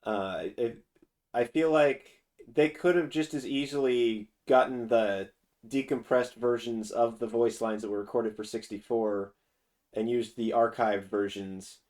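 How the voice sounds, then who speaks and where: A man's voice: medium pitch, steady tone, a little slow, darkish tone. A man streaming a casual, profane rant while reacting to a game trailer, restarting his sentences often. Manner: drawling and profane, with frequent restarts.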